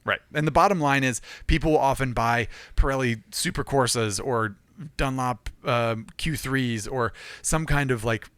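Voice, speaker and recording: A man co-hosting a casual podcast, relaxed and laughing easily while explaining things. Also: medium pitch, moderate pace, clear, resonant tone, no echo. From California. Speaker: podcast co-host.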